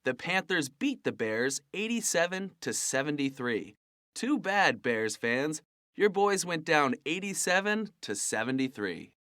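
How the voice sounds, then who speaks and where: A slow, lively sports host. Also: male voice, fairly high pitch, no room sound, studio quality. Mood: upbeat. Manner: slow, clear, stressing each score. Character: upbeat male sports radio host, adult. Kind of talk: scripted sports report for a language lesson.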